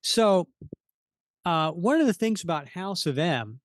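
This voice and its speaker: A man's voice: high-pitched, very animated, measured pace, no echo, studio quality. A man co-hosting a casual comic book podcast, walking through the panels unhurriedly with many fillers. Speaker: podcast co-host.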